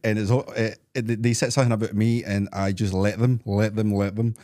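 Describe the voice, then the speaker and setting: A man's voice: on the low side, brisk, no echo, clean studio sound. Spanish-born man with a Scottish lilt. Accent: Scottish English with slight Spanish twang. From Spain. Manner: animated storyteller who acts out other voices. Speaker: guest. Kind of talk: casual chat.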